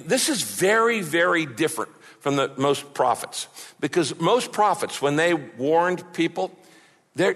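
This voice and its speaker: Pastor guy preaching, earnest and chatty, repeats himself a lot, kinda high voice, echoey church. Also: fairly bright tone. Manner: earnest and conversational, repeats words for emphasis. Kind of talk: sermon.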